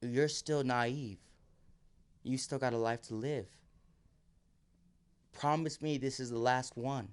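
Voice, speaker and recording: A man's voice: mid-range voice, steady tone, slow pace, pauses often, clean tone, lightly acted. A man quoting a knowing woman from beyond. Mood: tender. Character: wise, teasing woman from the afterlife.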